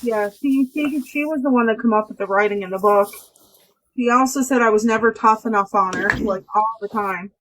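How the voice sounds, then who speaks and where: A woman's voice: fairly high pitch, moderate pace, a bit bright, slight background noise. A woman with a Canadian accent in a candid, casual livestream chat, laughing often and answering viewer comments. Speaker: livestream guest.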